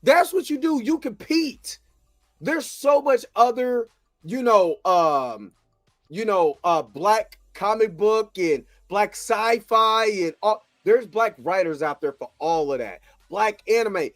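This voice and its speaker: A man's voice: high voice, animated, slow, fairly bright tone, no room sound, soft background music. A man hosting his own show, ranting casually with lots of repetition. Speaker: show host. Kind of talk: casual commentary.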